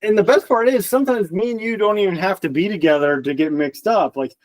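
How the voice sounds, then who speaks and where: A man's voice: high-pitched, brisk, no room sound. A young man as a podcast guest, recalling funny stories in casual chat and laughing along.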